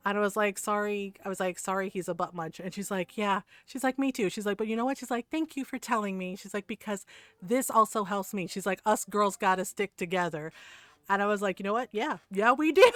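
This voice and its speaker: A woman streamer telling a story in casual chat, animated, retelling others' words and checking in with her listeners. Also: medium pitch, fairly quick, dry recording. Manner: animated storyteller, retells others in quotes, keeps asking "right?".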